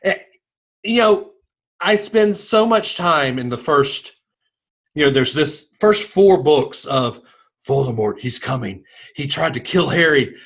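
A man's voice: a little high, expressive, measured pace, a bit bright. A man co-hosting a podcast, talking casually with blunt, teasing remarks and short agreements. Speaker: podcast co-host. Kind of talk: casual chat.

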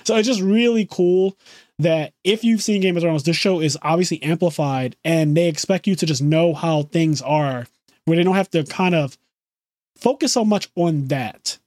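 A young adult man chatting casually as podcast co-host, animated and profane. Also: fairly high pitch, normal speed, dry recording, studio quality. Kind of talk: casual chat.

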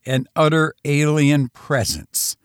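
Male audiobook narrator, slow and expressive, dry close sound. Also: a little high, smooth, dry recording. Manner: measured, dramatic storytelling. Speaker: audiobook reader. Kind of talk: scripted narration.

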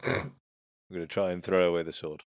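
A man's voice: low voice, flat delivery, fairly quick, no echo. A man playing a tabletop role-playing game, talking in a playful, jokey way. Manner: playful and jokey, often laughing. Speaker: player. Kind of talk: casual tabletop role-play.

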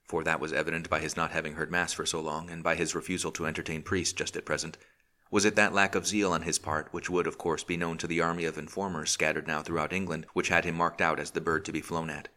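A man reading a novel aloud in measured, even scripted narration. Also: very deep voice. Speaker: audiobook narrator.

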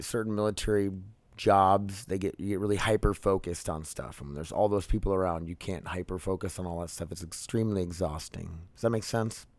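In a casual, candid solo episode, a podcast host in his thirties keeps restarting sentences and filling gaps as he rambles. He has a low voice, and no room sound is present.

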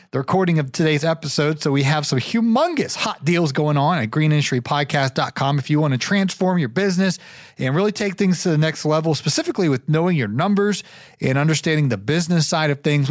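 A man's voice: a little high, no echo, studio quality. A man hosting a podcast, talking casually and enthusiastically, rambling and repeating himself. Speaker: podcast host.

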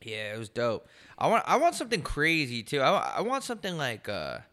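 Bright-voiced young man, crude banter. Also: fairly high pitch, huge pitch swings, brisk. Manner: loose, crude, joking. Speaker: podcast co-host.

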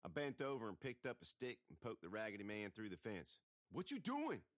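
Expressive male storyteller, dry close sound. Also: lowish voice, a little fast, no echo. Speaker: audiobook narrator. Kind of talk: first-person storytelling reading.

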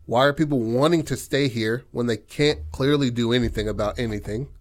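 A man in a casual chat, laying out film ideas in a halting, slang-filled way with lots of fillers. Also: medium pitch. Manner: halting, slangy, full of "like" and "you know what I mean". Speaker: co-writer planning a film.

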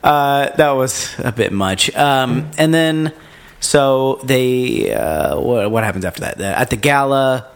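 A man's voice: mid-range voice, slow, clear, resonant tone. A man co-hosting a casual movie recap podcast, talking in a loose, rambling way. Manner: relaxed, rambling, full of fillers. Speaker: podcast co-host.

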